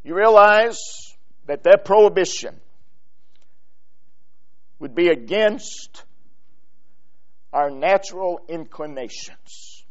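A man preaching a sermon. He reads scripture in King James wording and swings from loud, stressed lines to hushed drops. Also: high voice, lively intonation, slow, pauses often, highs cut off.

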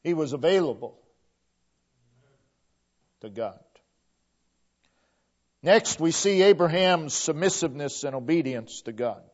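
A man preaching a sermon with slow, deliberate emphasis, his voice sinking to a hush at the end of phrases. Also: on the high side, animated, highs cut off.

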